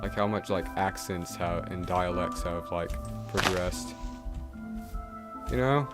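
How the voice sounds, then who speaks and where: A young man with a lowish voice rambles casually while he streams a game. His talk is loose and full of fillers, and he often restarts his sentences. Game music plays clearly underneath him. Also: slow pace.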